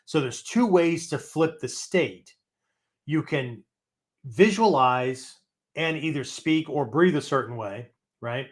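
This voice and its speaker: A man's voice: on the high side, lively intonation, takes it slowly. A man hosting a martial arts philosophy show, teaching in a loose, conversational way that tags nearly every point with "right?" or "okay?". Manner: acts out angry voices and breathing as demonstrations. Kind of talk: casual teaching talk.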